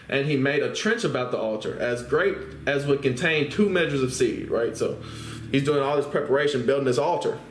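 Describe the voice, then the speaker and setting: A man's voice: mid-range voice, slight background noise. Man teaching scripture in an echoey room. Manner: casual, explains with frequent tag questions. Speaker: Bible teacher. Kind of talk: Bible teaching, reading scripture aloud and explaining it. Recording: roomy echo.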